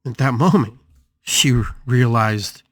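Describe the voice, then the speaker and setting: Taking it slowly, the podcast host recounts a spiritual story with dramatic flair and emphatic, repeated phrases. His medium-pitched voice has a fairly bright tone, and the studio recording is dry.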